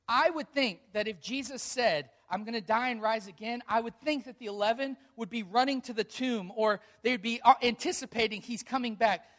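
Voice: medium pitch, fairly bright tone. A pastor preaching a sermon to a congregation, retelling a story with earnest emphasis.

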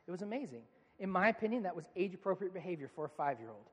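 A male pastor in his thirties preaching a sermon in a relaxed, conversational storytelling manner, acting out quoted lines. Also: high-pitched, very fast, slightly rough, long reverb tail.

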